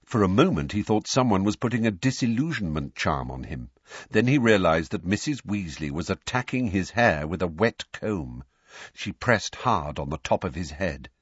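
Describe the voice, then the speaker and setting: A man narrating a storybook in an expressive, even-paced way. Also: deep voice, moderate pace, slightly rough, no room sound, dull audio. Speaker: audiobook narrator. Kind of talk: scripted narration.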